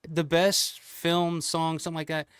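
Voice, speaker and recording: A talkative man from the American South hosts a casual podcast conversation with energetic storytelling. His voice sits on the higher side and sounds smooth and clear. The recording is dry and close. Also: unhurried, no room sound. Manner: animated, talkative, swears casually. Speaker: podcast host.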